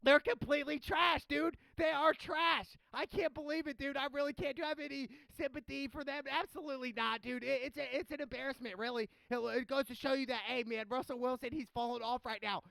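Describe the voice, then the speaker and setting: A man's voice: very high-pitched, fairly even intonation, fast talker, creaky, few pauses, a bit bright, no room sound, low-quality recording. A man giving a blunt, slangy football recap as a streamer, trash-talking teams in casual chat. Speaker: sports streamer.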